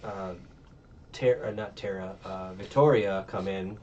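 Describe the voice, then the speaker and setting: A man's voice: sits low, fairly even intonation, a little slow, darkish tone. A man casually recapping a movie plot, rambling with lots of ums and uhs and acting out the characters' lines. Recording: distant, muffled mic with faint noise.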